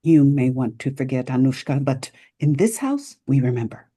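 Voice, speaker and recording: A woman's voice: a bass voice, lively intonation, moderate pace, dark tone, slightly rough, heavily acted. An actress playing a grieving mother who reproaches her daughter and pushes for grandchildren. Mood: reproachful. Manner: accusing, emotional. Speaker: Anna's mother Marlene.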